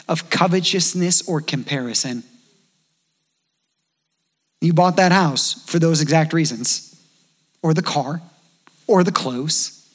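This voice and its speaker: A man in his thirties giving a sermon as a pastor, talking to the congregation in a conversational way and acting out the voices he quotes. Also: on the high side. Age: 30s.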